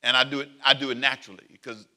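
A man preaching a sermon as pastor, animated and joking, drawing the congregation into call and response. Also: mid-range voice, very fast. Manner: animated, plays out quoted voices and jokes with the congregation.

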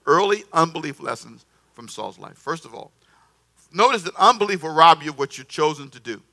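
A man preaching a sermon in an animated, conversational way, repeating himself and calling on the congregation to answer. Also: a little high, fairly quick, vocal fry. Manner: animated, repetitive, conversational preaching with call-and-response. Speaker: pastor.

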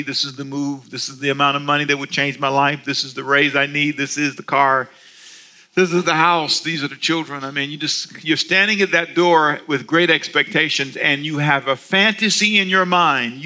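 A man preaching on the radio, telling a story with animated delivery and emphatic, repeated phrases. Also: a little high. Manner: animated storytelling with acted-out asides. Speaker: pastor. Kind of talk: radio sermon.

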